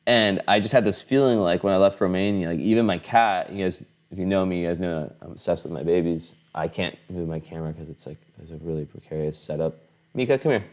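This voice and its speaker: This astrology vlogger, a young adult man, talks quickly with few pauses, his low voice keeping a steady tone. He's at home in front of a fixed camera setup, rambling casually with plenty of restarts and fillers.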